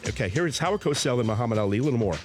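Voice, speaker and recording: Animated man in his sixties telling stories. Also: mid-range voice, racing, music in the background. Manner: animated storyteller who slips into impressions. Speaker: guest, impressionist and former sports interviewer. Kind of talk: casual studio radio chat.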